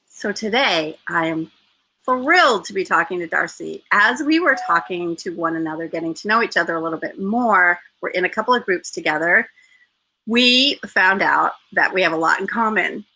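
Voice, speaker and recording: A woman's voice: fairly low pitch, lively intonation, moderate pace, sharp tone, a little hiss or hum, low-quality recording. A woman hosting a live interview podcast in New Zealand, upbeat and enthusiastic. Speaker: podcast host.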